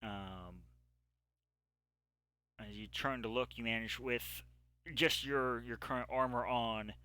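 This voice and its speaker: A man's voice: medium pitch, steady tone, slow pace, pushed and bright, clear, resonant tone, no echo. A man running a tabletop game as game master, narrating the scene with frequent fillers.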